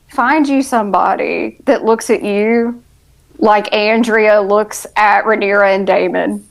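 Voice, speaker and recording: Female podcast co-host, mid-pitched, casual and sarcastic in an easygoing review chat. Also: steady tone, measured pace, creaky, rough recording. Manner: dry, sarcastic asides.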